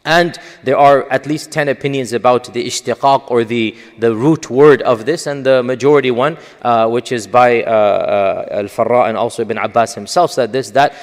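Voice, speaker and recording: A man's voice: medium pitch, normal speed, hardly any pauses. A man giving an explanatory lecture on Quran commentary, stressing Arabic terms with a lifted voice. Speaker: Islamic scholar lecturing. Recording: long hall reverb.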